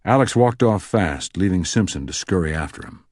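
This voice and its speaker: A man narrating an audiobook thriller with expressive storytelling. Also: deep voice, moderate pace, dry recording, studio quality. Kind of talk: scripted narration.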